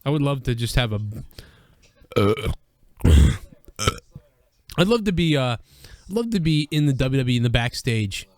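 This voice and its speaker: A young man co-hosting a crude, rambling chat, often breaking into loud put-on voices. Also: medium pitch, big pitch swings, unhurried, long pauses, no echo. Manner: rambling, slips into shouted wrestler impressions. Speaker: podcast co-host.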